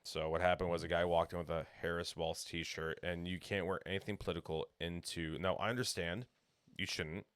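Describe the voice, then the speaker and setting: A man's voice: sits low, steady tone, fairly quick, a bit bright, smooth, dry recording. A young man co-hosting a podcast, telling a long jokey story in casual banter and acting out the people in it. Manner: rambling storyteller, jokey, acts out quotes. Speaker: podcast co-host.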